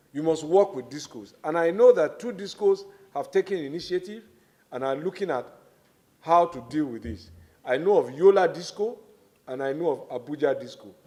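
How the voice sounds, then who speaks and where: A middle-aged man with a Nigerian accent, speaking as a government minister giving formal testimony at a public hearing, with measured, deliberate emphasis. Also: fairly high pitch, a little mellow.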